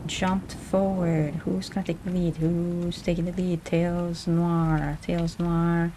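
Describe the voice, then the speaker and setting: A woman's voice: on the low side, flat delivery, slow, warm tone, slight background noise. A woman streamer giving playful announcer-style live commentary, repeating her phrases as she goes.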